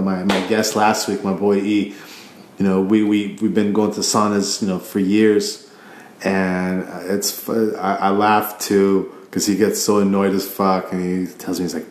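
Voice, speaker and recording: Rambling profane man, lowish voice, echoey room. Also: darkish tone. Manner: profane, rambling, stumbling over repeats. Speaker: podcast host. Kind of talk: casual solo podcast rant.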